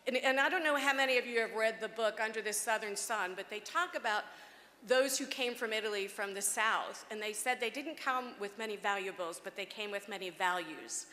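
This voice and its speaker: A woman's voice: mid-range voice, a little fast, bright, forceful tone. A woman in her fifties giving an award acceptance speech at a gala, heartfelt, with frequent ums and restarts, on a podium microphone. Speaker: award honoree. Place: gala banquet hall. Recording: echoey hall with faint background noise.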